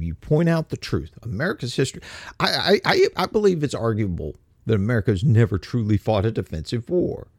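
A blunt, profane man rants indignantly in a heated commentary. His pitch leaps and dives as he presses each point. The recording is dry and close, with no room sound. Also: a little mellow, no echo. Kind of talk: heated monologue.

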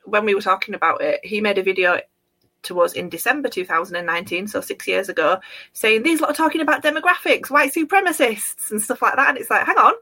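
A woman's voice: medium pitch, fast, pushed and bright, husky. A woman guest on a discussion show, chatty and somewhat hesitant, laughing easily. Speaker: co-host guest. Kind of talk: casual political discussion. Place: Yorkshire.

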